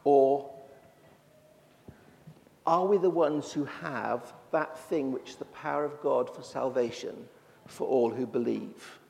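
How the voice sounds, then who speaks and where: A man's voice: medium pitch, slow pace, creaky, a little mellow, in a large hall. A man preaching a sermon in a church, talking in a conversational way with frequent restarts.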